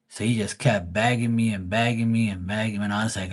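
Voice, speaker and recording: A man's voice: on the low side, fairly even intonation, fast talker, hardly any pauses. A man, a psychic tarot reader on a livestream, telling a story in a loose, profane, rambling way with many restarts. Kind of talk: casual storytelling.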